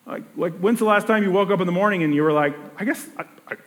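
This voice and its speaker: Conversational preacher in a big echoing hall. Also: male voice, sits high, rapid-fire, fairly bright tone. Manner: conversational preaching with many restarts and acted-out inner voices. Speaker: pastor. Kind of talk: sermon.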